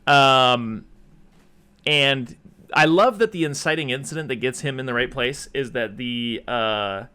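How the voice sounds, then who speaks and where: A man's voice: medium pitch, a little slow, sharp tone, smooth. A young man hosting a casual podcast chat about movies, rambling through scenes and acting out the lines. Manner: rambling retelling with acted-out quotes. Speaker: podcast host.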